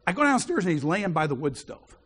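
A man's voice: sits high, big pitch swings, quick pace, a bit bright, a little hiss or hum. A man preaching a sermon, telling a personal story with frequent chuckles. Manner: chuckles often while telling stories.

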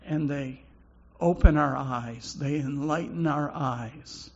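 Slow gravelly-voiced male preacher. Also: on the high side, lo-fi sound. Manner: slow, halting, repeats words while preaching. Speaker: pastor. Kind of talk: sermon.

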